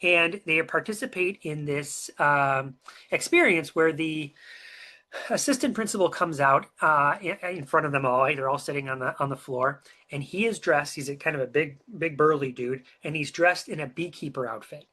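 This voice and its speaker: A webinar co-presenter telling a story in a casual, chatty way, filling pauses with um and uh and asking the listener questions. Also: mid-range voice. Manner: chatty and animated, many um and uh fillers, asks the listener questions.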